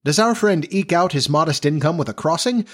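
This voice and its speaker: Jeering young editor, a man puts him on, high and lively, teasing. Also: a little fast. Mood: mocking. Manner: jeering, excitable. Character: hilarious, mocking young male newspaper editor.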